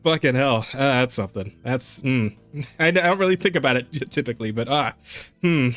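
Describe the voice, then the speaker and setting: A man co-hosting a podcast rambles through casual talk, laughing often and swearing freely. His voice has an ordinary middle pitch, and faint music sits under the conversation. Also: lively intonation, fairly quick, a bit bright. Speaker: podcast co-host. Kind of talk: casual chat.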